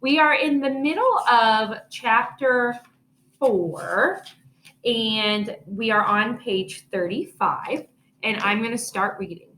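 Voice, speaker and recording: A woman teacher reads a chapter book aloud to her pupils in a gentle, encouraging way. Her voice sits a little high. It is a simple home recording. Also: lively intonation, slow. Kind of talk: reading aloud to children. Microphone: home video recording.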